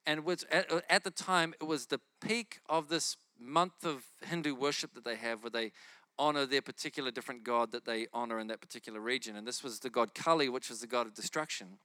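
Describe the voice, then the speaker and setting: A man preaching and telling a testimony story in an animated way, often laughing as he talks. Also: mid-range voice, fairly quick, no room sound, clean studio sound.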